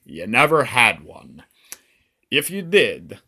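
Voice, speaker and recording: A man voicing a cruel male tyrant who runs a store, in a loud, mocking, put-on Romanian accent. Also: mid-range voice, very animated, slow, exaggerated voice. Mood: sneering menace. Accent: attempted Romanian accent.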